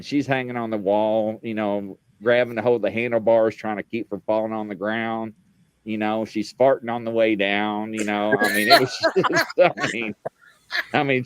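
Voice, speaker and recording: A man's voice: on the low side, smooth, no echo. A man co-hosting a live show, telling rambling funny stories about his day and laughing at himself. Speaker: podcast co-host. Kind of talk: casual live-stream banter.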